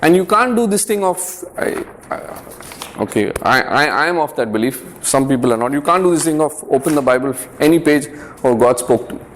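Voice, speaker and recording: A man's voice: on the high side, animated, fairly quick, fairly bright tone, a little hiss or hum. Earnest man giving a youth talk. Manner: repeats words and checks in with "yeah?" and "right?"; conversational, earnest, lightly humorous. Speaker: youth group speaker. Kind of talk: informal faith talk to a youth group.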